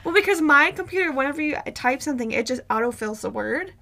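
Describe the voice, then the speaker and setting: Gravelly high-voiced woman telling a story. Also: lively intonation, fast talker, pushed and bright. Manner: rambling with frequent ums and restarts. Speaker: podcast co-host. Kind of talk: casual storytelling chat.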